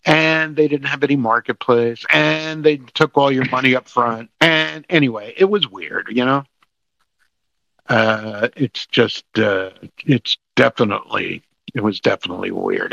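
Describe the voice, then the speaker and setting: A New Jersey man co-hosts a comedy podcast, ranting crankily in casual comedic chat. His voice is medium-pitched, unhurried and slightly bright with vocal fry. The recording is dry and dull, with lo-fi sound and no room ambience.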